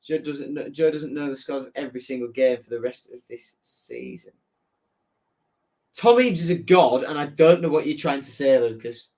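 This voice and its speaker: A man's voice: mid-range voice, steady tone, fairly quick, few pauses, darkish tone. A young man with a Hull accent hosting a casual football live stream, chatting and reading out viewer messages. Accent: Hull, Yorkshire. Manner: chatty, reads out chat messages, self-correcting. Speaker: football fan channel host.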